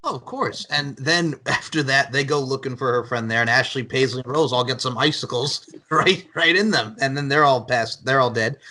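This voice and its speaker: A man's voice: mid-range voice, moderate pace, hardly any pauses, bright, forceful tone. A man hosting a podcast in casual chat, rambling with lots of likes and laughing often. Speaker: podcast host.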